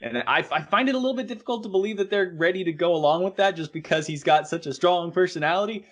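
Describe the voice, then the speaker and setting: A man co-hosting an anime podcast, chatting in a relaxed way and often chiming in with short agreements. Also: high-pitched, quick pace. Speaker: podcast co-host. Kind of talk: casual anime podcast chat.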